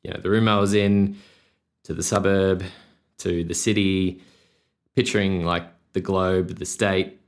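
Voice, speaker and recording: A man's voice: low-pitched, little pitch movement, unhurried, long pauses, smooth. A young Australian man with an Australian accent, talking casually and rambling through a solo podcast with many fillers. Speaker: podcast host and musician.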